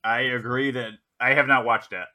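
A man's voice: mid-range voice, fairly even intonation, normal speed, pushed and bright. A man co-hosting a casual podcast chat, easygoing and agreeable, hedging his points. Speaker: podcast co-host.

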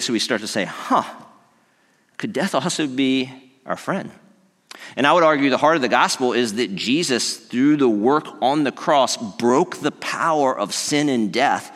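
A male pastor preaches in a relaxed, conversational way that turns earnest and lively when he makes a point. His voice sits at a middle pitch for a man, and a long reverb trails after his words. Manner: earnest and animated, with fillers and laughs. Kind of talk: conversational sermon.

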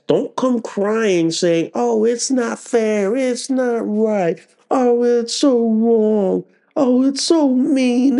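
A man hosting a podcast in a heated, profane rant, hammering the same points again and again. His pitch swings widely while his delivery stays slow and deliberate. He is getting over a head cold. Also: a little mellow. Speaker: political podcast host. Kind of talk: ranting political commentary.

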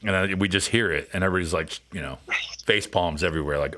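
A man's voice: low voice, fast, fairly bright tone. A man hosting a casual podcast chat, telling long rambling stories and acting out what people said. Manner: rambling storyteller, acts out quotes. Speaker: podcast host.

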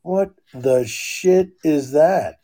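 A man's voice: fairly high pitch, drawn-out words. A young man co-hosting a podcast over a phone call, cursing freely and laughing often. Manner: profane, excitable, laughing often. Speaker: podcast co-host. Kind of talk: casual chat.

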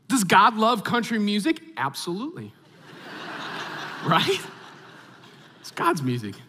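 A man in his thirties preaching a sermon as a pastor, telling a story with animated, acted-out reactions. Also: high voice. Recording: long hall reverb.

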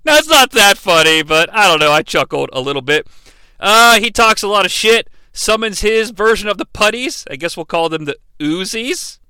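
A man's voice: sits high, expressive, moderate pace, bright, forceful tone, smooth, dry recording. A young man giving a comedic movie recap in a sarcastic, profane way. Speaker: movie reviewer.

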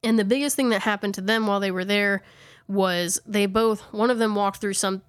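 Casual podcast host, woman; smooth voice, chatty with fillers, slightly breathless. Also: medium pitch, fairly even intonation, a little fast, no echo, studio quality. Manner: chatty, lots of "like", self-correcting. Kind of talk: casual chat recapping a ghost-hunting video.

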